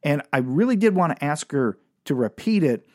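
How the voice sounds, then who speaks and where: Man, comic storyteller, lively swinging voice, a bit high, dry close mic. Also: moderate pace, dry recording. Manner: rambling, self-mocking, with animated swings in pitch. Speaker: comedian and storyteller.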